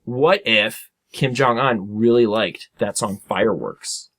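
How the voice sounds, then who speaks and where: Man, lowish voice, casual podcast chat, wry, rambling, hedging. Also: slow pace, fairly bright tone, no echo. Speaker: podcast co-host.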